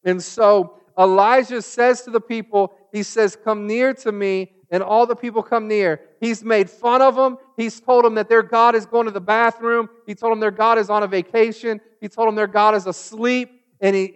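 High-voiced male preacher. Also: smooth. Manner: builds to loud mocking retellings, then drops to a hushed close. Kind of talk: sermon.

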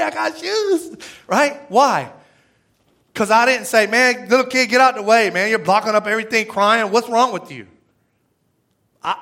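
A man preaching a conversational sermon, with a lively drawl and frequent "right?" asides. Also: high-pitched. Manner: energetic, conversational, tag questions. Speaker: pastor.

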